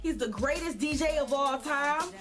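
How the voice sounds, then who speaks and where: A woman hosting a talk show, introducing segments and guests in a brisk, promotional way. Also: high voice, a bit bright. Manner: brisk, promotional, quick back-and-forth. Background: hip hop music.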